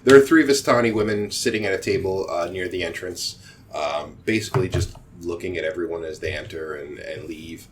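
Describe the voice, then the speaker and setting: A man's voice: sits low, fairly quick. A man running a tabletop game as game master, narrating with many fillers and restarts.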